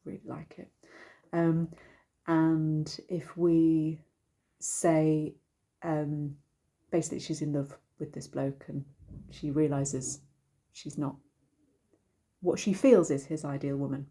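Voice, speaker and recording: A woman's voice: sits low, level tone, slow pace, mellow. A woman, a singing teacher, giving a casual and rambling lesson to camera with many ums and restarts. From United Kingdom.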